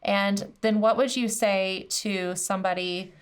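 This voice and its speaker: A woman hosts a casual podcast interview in a smooth, medium-pitched voice with fairly even intonation, speaking a little slowly. She is warm and encouraging toward her guest, backing her up with constant "mm-hmm."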